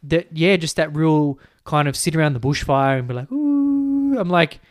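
A man's voice: fairly high pitch, brisk, smooth, no echo. Chatty Australian man, dry sound. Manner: rambling, animated storyteller, lots of fillers. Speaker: podcast co-host. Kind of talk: casual chat.

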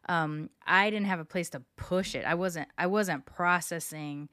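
A woman hosting her podcast in a low, smooth voice that sounds dry and close to the mic. She talks casually and openly, chatty and frank, with plenty of ums and uhs. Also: unhurried, sharp tone, dry recording. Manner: candid and chatty, with frequent fillers. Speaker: podcast host. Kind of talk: casual solo podcast talk.

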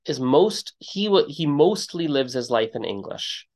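A man hosting a podcast interview in a relaxed conversational way, telling stories and acting out what people said with sudden jumps in his voice. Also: measured pace. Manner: storytelling, acts out quotes with big pitch jumps. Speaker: podcast host.

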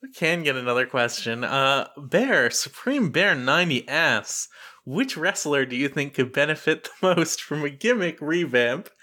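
A man co-host reads out listener questions and throws in wry teasing. His voice is bright and sharp, with a lively, animated pitch. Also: a little slow. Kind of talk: casual comedic chat.

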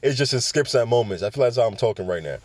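A man's voice: mid-range voice, expressive, racing, dry recording. Rambling man hosting a dry-sounding podcast. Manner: rambling, profane, frequent stumbles and restarts; addresses listeners directly with questions. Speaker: podcast host. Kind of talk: casual cannabis business podcast.

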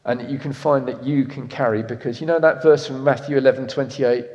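A man in his fifties preaching a sermon, swinging from loud emphatic lines to soft, intimate ones. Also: mid-range voice, steady tone, a little fast, muffled recording. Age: 50s. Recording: echoey hall reverb.

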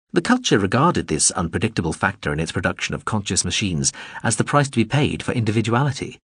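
Low, husky male audiobook narrator. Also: dry recording, clean studio sound. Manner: measured storytelling. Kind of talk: scripted narration.

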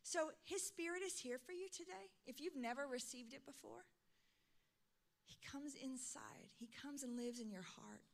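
A middle-aged woman pastor preaching a sermon, swinging from soft, intimate lines to loud, emphatic calls. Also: high-pitched, normal speed.

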